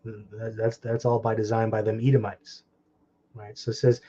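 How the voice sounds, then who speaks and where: A man preaches in a dark, mellow voice, reading scripture slowly and then breaking into heated, scornful commentary. His speech is full of crude insults and short laughs. The recording sounds dull and lo-fi. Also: on the low side, flat delivery, a little hiss or hum. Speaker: online preacher.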